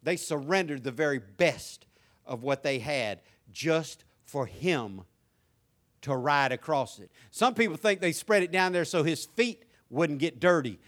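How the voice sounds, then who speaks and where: High-voiced older preacher with a Southern twang. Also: male voice, lively intonation, a little slow. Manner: swings from shouted crescendos to low conversational asides. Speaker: pastor. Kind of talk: sermon.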